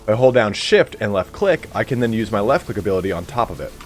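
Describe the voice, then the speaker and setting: A man's voice: on the low side, very animated, fast talker, faint music behind. A man livestreaming a video game, chatting casually to his viewers and explaining the mechanics as he plays. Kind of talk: casual gameplay commentary.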